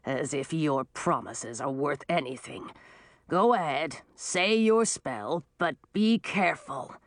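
A woman doing a gruff menacing dragon. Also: lowish voice, expressive, takes it slowly, no echo. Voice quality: gruff, growling. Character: gruff menacing male dragon, big and impatient.

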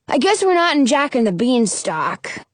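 A woman voicing a calm, sensible young boy in a children's story, speaking in a matter-of-fact, gently questioning way. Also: high-pitched, moderate pace, dry recording.

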